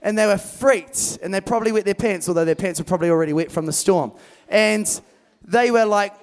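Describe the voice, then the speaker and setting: A young man preaches at a youth camp in a bright, fairly high voice. He tells Bible stories with energy, acting out each person in them as he goes. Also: fairly quick. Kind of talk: animated sermon storytelling.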